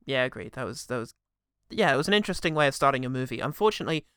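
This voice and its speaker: Animated sardonic man with a bright voice. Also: medium pitch, very fast, clear, resonant tone, no echo, studio quality. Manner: sardonic, animated, laughs often. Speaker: film podcast co-host. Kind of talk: casual film review chat.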